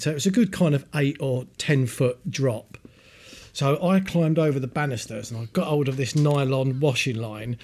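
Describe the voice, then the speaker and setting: A chatty man on a podcast, telling a self-deprecating story from his childhood. His voice sits a little higher than most men's. He keeps checking in with his listeners as he talks. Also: mellow. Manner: chatty, self-deprecating, frequent "right?" tags. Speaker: podcast co-host. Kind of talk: casual storytelling chat.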